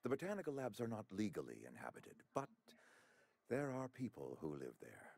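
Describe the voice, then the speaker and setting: A pompous middle-aged administrator from a video game, formal and fussy, buttering up every stranger. His voice is husky, and his pitch swoops wildly from line to line. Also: wildly swooping pitch, normal speed, a little mellow, exaggerated voice. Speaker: game character.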